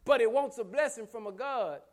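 A man's voice: extremely high pitch, normal speed. A man preaching a sermon with emphatic rhetorical questions and humorous asides. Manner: humorous asides, laughs often.

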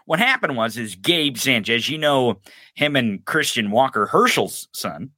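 A man's voice: medium pitch, very animated, a little slow, pushed and bright, no echo, studio quality. A man hosting a live political podcast in casual commentary, mocking and profane, often laughing. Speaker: podcast host. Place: live-streamed podcast set.

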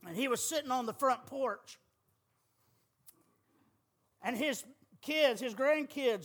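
High-voiced preacher. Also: male voice, a bit bright. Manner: emphatic, folksy, with humor. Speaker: pastor. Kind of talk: sermon.

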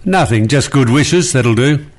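An older man hosting talkback radio, firm and reassuring, a little gruff with callers. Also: medium pitch, expressive, measured pace.

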